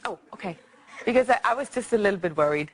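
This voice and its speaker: A woman's voice: mid-range voice, animated, fast. A woman whose first language is German, hosting a TV studio interview, upbeat and switching between German and English. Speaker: TV show host.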